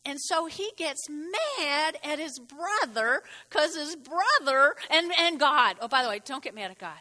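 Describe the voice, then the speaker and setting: A woman preacher giving a folksy, animated sermon, often repeating her phrases. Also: high voice, a little slow, long reverb tail.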